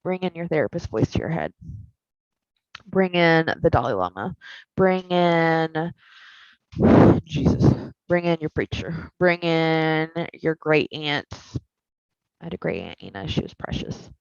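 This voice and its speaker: A woman therapist teaching a skills class in a candid, animated, conversational way. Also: sits low, slow, vocal fry, pauses often, clear, resonant tone, dry recording. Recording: dull lo-fi recording.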